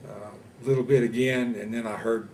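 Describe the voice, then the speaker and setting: A man in his seventies from Louisiana, recounting his war experiences in an oral history interview, speaking haltingly with many pauses and fillers. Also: medium pitch, steady tone, darkish tone, a little hiss or hum. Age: 70s. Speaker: veteran interviewee. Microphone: interview camera setup.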